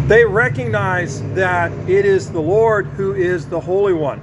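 A man preaching a sermon, teaching slowly and drawing out his stressed words. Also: high voice, dull audio, noisy background. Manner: slow, emphatic teaching with drawn-out stressed words.

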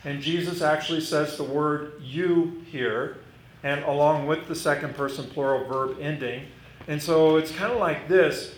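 A man's voice: fairly high pitch, a little slow. A man preaching a sermon as pastor, stressing key words and repeating his main lines. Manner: emphatic, repeating key phrases. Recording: echoey room with some noise.

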